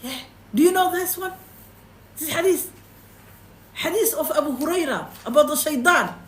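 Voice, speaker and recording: Lady teaching a hadith class, high pitched, broken english, echoey room. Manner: recites Arabic fast, then retells it in simple, broken English; animated, switching between Arabic and English. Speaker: Quran teacher. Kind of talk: telling a hadith to a small class. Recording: echoey room with faint noise.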